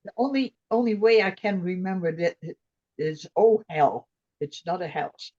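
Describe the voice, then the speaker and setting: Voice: mid-range voice, lively intonation, normal speed, mellow. Hesitant student on a dull line. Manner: hesitant, tentative answers. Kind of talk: lesson answers.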